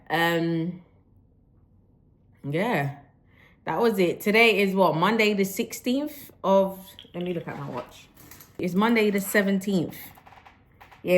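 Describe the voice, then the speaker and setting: A woman's voice: on the low side, takes it slowly, long pauses, a little hiss or hum. Woman vlogging at home. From Jamaican roots. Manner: animated storytelling, slipping into patois. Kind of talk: casual vlog chat.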